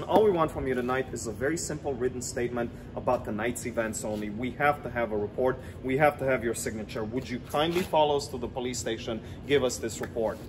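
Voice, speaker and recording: A man's voice: mid-range voice, background noise, lightly acted. A man voicing overly polite male police officers who placate and plead, outdoors on a city street.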